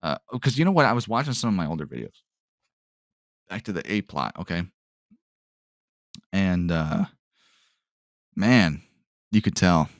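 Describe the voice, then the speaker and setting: A low-voiced man hosting his own podcast, talking loosely and wandering from thought to thought. His pitch swings a lot as he goes, from dry sarcasm to musing questions. The sound is close and dry, with no room around it. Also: lively intonation, unhurried, long pauses, no room sound. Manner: rambling, trails off with "I don't know", asks himself questions; jokey, sarcastic asides. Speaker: podcast host. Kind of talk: solo casual podcast rambling.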